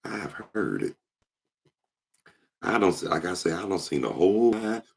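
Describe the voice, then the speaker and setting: A man hosting his show, telling casual stories in an animated way and jumping into impressions. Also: low voice, moderate pace, vocal fry, breathy edge. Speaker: show host. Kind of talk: casual storytelling monologue.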